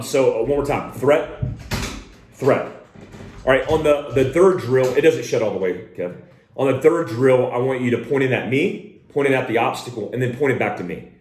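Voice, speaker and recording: A man's voice: medium pitch, a little mellow, slight background noise. Direct-talking male firearms instructor. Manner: direct, plain-spoken, barks drill commands. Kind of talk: hands-on shooting lesson. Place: indoor room with a door. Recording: roomy echo.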